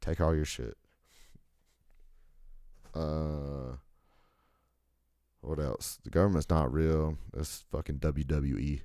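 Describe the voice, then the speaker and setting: A man's voice: very deep voice, steady tone, takes it slowly, long pauses, mellow, no room sound, clean studio sound. A young American man hosting a podcast alone, rambling and ranting with heavy profanity. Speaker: podcast host. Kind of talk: casual solo monologue.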